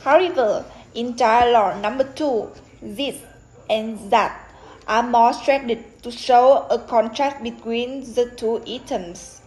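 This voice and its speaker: Slow, careful woman reading a lesson. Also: on the high side, darkish tone, low-quality recording. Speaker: presenter of a student lesson. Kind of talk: reading a prepared explanation.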